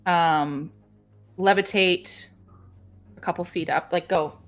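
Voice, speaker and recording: A woman's voice: fairly low pitch, fairly even intonation, takes it slowly, faint music behind. A woman playing a tabletop role-playing game, describing her character's actions in a chatty way with many fillers. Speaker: player. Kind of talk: casual tabletop game play.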